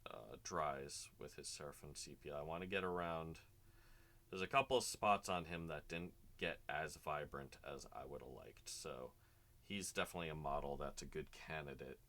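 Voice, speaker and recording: Very deep-voiced man chatting while painting. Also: moderate pace, pushed and bright. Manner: chatty, rambling, talks to chat while working. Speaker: miniature painter and streamer. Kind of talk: casual narrated painting session.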